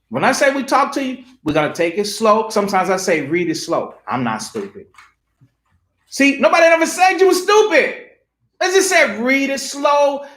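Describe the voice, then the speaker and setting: A man with a high voice preaches through a Bible passage, pressing his points with rhetorical questions and repeated phrases. The sound rings in a roomy, echoey space. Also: a bit bright. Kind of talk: preaching scripture study. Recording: roomy echo.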